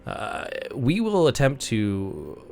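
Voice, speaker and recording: A man voicing a blunt, gruff woman ghost hunter with a curt, dismissive manner. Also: medium pitch, wildly swooping pitch, slow, a little mellow, a little hiss or hum, heavily acted.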